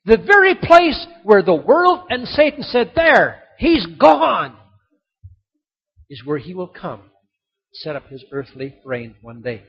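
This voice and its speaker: An older man preaching a sermon, telling stories dramatically with sudden swings between loud and soft. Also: high voice, big pitch swings, a little slow, husky. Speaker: pastor. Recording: dull lo-fi sound.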